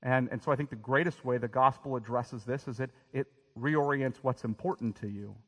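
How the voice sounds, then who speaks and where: A man's voice: medium pitch, a little fast, fairly bright tone, long reverb tail. A man preaching a sermon as pastor, talking in a direct, emphatic way and often restarting his words. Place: church sanctuary.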